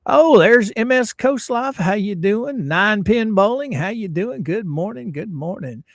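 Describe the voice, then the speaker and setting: A middle-aged man from Florida, hosting a casual livestream and greeting his viewers in a folksy, drawn-out way. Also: high voice, no echo, clean studio sound. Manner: folksy, drawn-out greetings, lively ups and downs. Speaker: livestream host.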